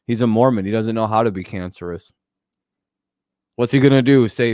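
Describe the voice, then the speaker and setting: A man's voice: fairly low pitch, fairly even intonation, a little fast, warm tone, smooth, no room sound, studio quality. Rambling, profane man chatting sports. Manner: frequent fillers and restarts. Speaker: host. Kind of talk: casual sports talk stream.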